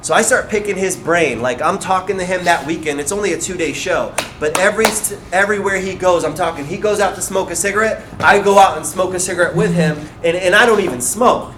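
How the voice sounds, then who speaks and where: A man's voice: high-pitched, a little fast, hardly any pauses, background noise. A man giving a live talk at a beauty school, telling a story and acting out the people in it, with lots of "like" fillers. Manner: acts out quoted dialogue, many fillers like "like". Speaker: guest speaker at a beauty school. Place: school hall, live audience.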